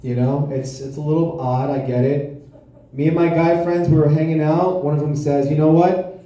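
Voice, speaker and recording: A man from South Florida performing a deadpan, self-deprecating stand-up comedy set on a club stage into a handheld mic. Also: fairly high pitch, normal speed. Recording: echoey club room.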